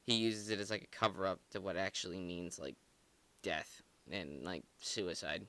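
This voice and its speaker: A man on a podcast picks apart song lyrics in an earnest, meandering way, using lots of filler words. He speaks at a moderate pace with fairly even intonation, his slightly low voice bright, forceful, smooth, and clear; the sound is dry and close with no echo.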